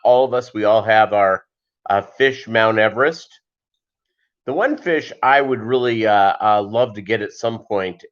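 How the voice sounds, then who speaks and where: A man's voice: fairly low pitch, a bit bright, clear, resonant tone, dull audio. A man hosting a casual livestream, greeting viewers by name and rambling with lots of fillers. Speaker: fishkeeping livestream host.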